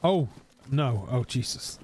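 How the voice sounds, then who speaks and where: A man's voice: medium pitch, lively intonation, takes it slowly, darkish tone, slight background noise. A man, a streamer, chatting casually and joking while he plays a game. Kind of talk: casual gaming stream chat.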